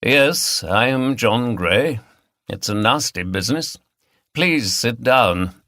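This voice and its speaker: A man's voice: mid-range voice, expressive, slow, sharp tone, no room sound, studio quality, full character voice. A man reading the part of a middle-aged male artist with a British RP accent, polite, precise and faintly superior.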